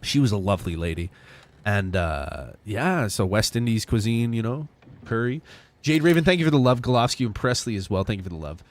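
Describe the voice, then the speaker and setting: A young man streaming a game live, chatting loosely and excitably with viewers. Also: lowish voice, brisk. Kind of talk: casual live-stream chat.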